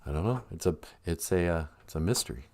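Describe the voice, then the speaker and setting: Male podcast host, animated delivery, loose and jokey monologue. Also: low voice, fast. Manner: rambling, laughs often, jokey. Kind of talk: casual comedic monologue.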